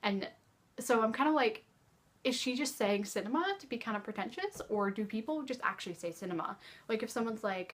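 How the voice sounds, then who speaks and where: Chatty woman vlogger, bright voice, rambling at home. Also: mid-range voice, brisk. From Canada. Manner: chatty, rambling, full of fillers and laughs. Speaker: book vlogger. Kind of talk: casual book discussion to camera.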